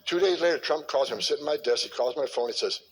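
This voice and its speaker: A middle-aged man, a former border official, speaking bluntly and forcefully with frequent stumbles and repeated words. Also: fairly high pitch, fast, slightly rough, poor audio. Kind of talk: clip of a talk or interview.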